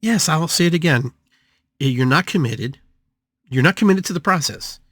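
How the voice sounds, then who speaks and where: Animated older man, dry close sound. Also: breathy edge, dry recording. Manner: animated, with sudden jumps in pitch and drawn-out playful repetition. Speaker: podcast host and spiritual healer. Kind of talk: motivational talk to an audience.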